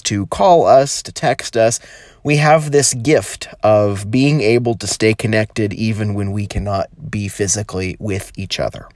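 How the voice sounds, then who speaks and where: A man's voice: mid-range voice, no room sound, studio quality. Earnest pastor speaking into his phone. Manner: earnest, welcoming, measured with slow emphatic phrases. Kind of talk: informal recorded sermon. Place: at home, not in the sanctuary.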